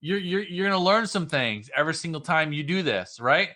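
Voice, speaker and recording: Brief: bright-voiced male business coach, livestream, emphatic and repetitive. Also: fairly high pitch, expressive, fairly quick. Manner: emphatic, repeats points, restarts. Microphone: livestream mic.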